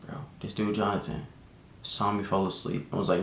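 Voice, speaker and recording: A young man telling a casual storytime vlog, slangy and animated, with lots of fillers. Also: normal speed, creaky. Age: young adult. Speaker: vlogger. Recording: echoey room with faint rumble.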